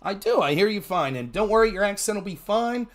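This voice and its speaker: A man appears as a guest political commentator in a casual interview, speaking a little fast and animatedly. When he greets people, his pitch jumps sharply upward.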